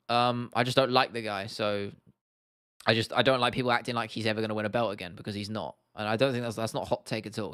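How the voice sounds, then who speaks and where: A young male livestream host chats casually while answering viewers, blunt and opinionated, swearing freely and restarting often. His mid-range voice is a bit bright, recorded on a dry close mic with no room sound.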